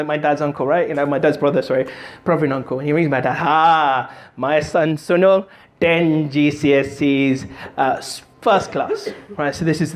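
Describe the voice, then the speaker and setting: Animated man telling a comic story. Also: fairly high pitch. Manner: animated, jokey, does voices. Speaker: motivational speaker and stand-up comic. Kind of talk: motivational talk with comic storytelling.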